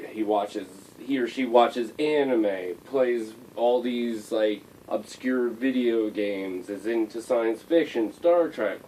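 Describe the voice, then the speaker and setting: A man's voice: mid-range voice, mellow, recorded from a distance, poor audio. A man ranting blunt and exasperated to camera in a vlog, heavy on fillers. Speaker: vlogger. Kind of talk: opinionated rant to camera.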